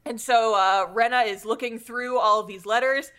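Bright-voiced woman recapping a show. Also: a little high, moderate pace, clean tone. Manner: animated storyteller who acts out characters' lines; swears casually. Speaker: podcast co-host. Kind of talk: casual chat recapping an anime.

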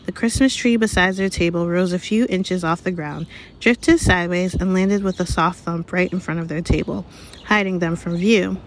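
A woman reading a chapter of a novel aloud in a measured, even storytelling manner. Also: on the low side, slight background noise. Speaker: reader. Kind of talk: read-aloud audiobook narration.

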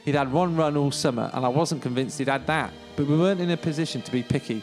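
A man reads a story aloud on a podcast, wry and self-deprecating. His voice sits fairly high. Faint music plays under him. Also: quick pace. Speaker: podcast co-host reading a memoir. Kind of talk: reading aloud and chatting.

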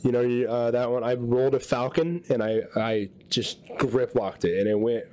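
A podcast co-host with a medium-pitched voice, speaking at a moderate pace, tells a long story in casual chat. He's an animated storyteller, acting out what people said.

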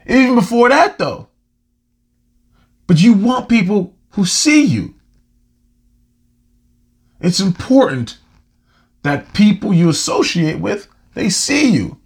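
Husky man in a heartfelt casual monologue. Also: high voice, sing-song. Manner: conversational, heartfelt, slangy, slows down for emphasis. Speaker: podcast host.

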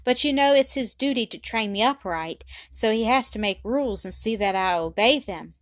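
A woman's voice: fairly high pitch, animated, normal speed, no room sound, clean studio sound, lightly acted. A woman reading aloud voices a dutiful little girl who speaks earnestly and politely.

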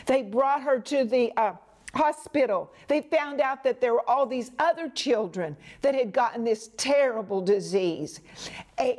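Slow, earnest woman Bible teacher. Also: medium pitch. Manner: earnest, drops into hushed whispers for emphasis; addresses listener as "my friend". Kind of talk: devotional teaching.

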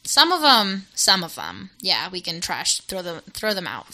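A woman's voice: lowish voice, huge pitch swings, a little slow, few pauses, sharp tone. A woman co-hosting a radio show, bantering playfully, laughing often and echoing her partner's words. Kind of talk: casual on-air banter.

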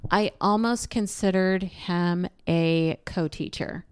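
A woman's voice: takes it slowly, slight background noise. A middle-aged woman chatting casually as co-host, telling family stories and acting out the voices in them. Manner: animated storyteller, acts out quotes with big pitch jumps. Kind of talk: casual chat.

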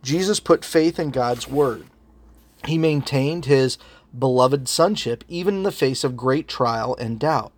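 A man's voice: fairly high pitch, no room sound. A man preaching a sermon as a pastor, earnest and emphatic, weaving in personal stories.

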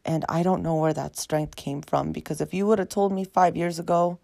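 A woman hosting her own podcast, reflective and heartfelt, her voice raspy after a long day. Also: low-pitched, steady tone, normal speed, mellow, no room sound. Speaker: podcast host. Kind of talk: personal podcast monologue.

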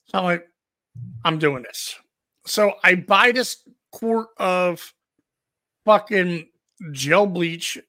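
A man co-hosting a podcast, telling a rambling, profane story in a casual, animated way. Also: high voice, slow, no room sound, studio quality. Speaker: podcast co-host.

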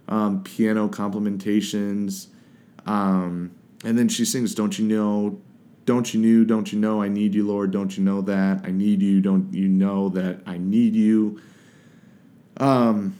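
Man, low and mellow, casual song review, halting and searching for words. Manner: hesitant, searching for words, many fillers. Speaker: music reviewer.

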